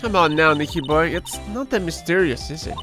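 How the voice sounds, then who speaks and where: A man's voice: fairly high pitch, brisk, close to an everyday voice. A man voicing a dramatic, doting middle-aged wife from a game, in a gushing, melodramatic manner. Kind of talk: reading game dialogue aloud. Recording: game music underneath.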